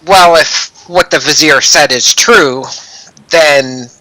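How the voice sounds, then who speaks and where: A small, upbeat woman companion in a fantasy tabletop game, voiced by a man. The tone is bright and cutting, a little higher than his usual talk. It is kept close to his everyday voice. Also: slow pace, low-quality recording. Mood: worried. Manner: upbeat, grinning. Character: short cheerful woman adventurer companion.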